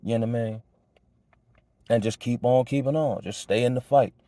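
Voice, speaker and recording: A man's voice: medium pitch, moderate pace, warm tone, no room sound. A man giving life advice in a casual monologue, laid-back and slang-heavy, often checking in with "you know what I'm saying". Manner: reflective and earnest. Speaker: vlogger sharing life advice.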